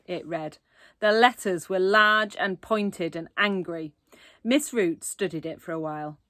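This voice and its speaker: A woman's voice: on the low side, measured pace, fairly bright tone, dry recording, studio quality. A woman reading a children's book aloud expressively, with asides to young listeners. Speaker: reader.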